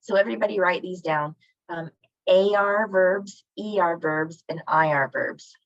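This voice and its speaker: Woman, online teacher, encouraging, slightly low voice, muffled lo-fi video call sound. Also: measured pace, dry recording. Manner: encouraging, asks students questions. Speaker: Spanish teacher. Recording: dull lo-fi video call audio.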